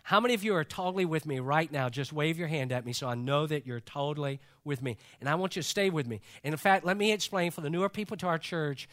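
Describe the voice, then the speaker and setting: A man's voice: a little high, fairly bright tone. A male pastor preaching a sermon in a church service, talking conversationally and joking with the congregation.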